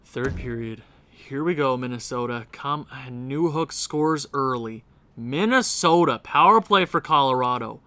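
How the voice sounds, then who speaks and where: Exasperated and pleading with his team, a young gaming video creator gives casual commentary on his own hockey game at home late at night. His medium-pitched voice is sharp with lively intonation, and he talks a little slowly.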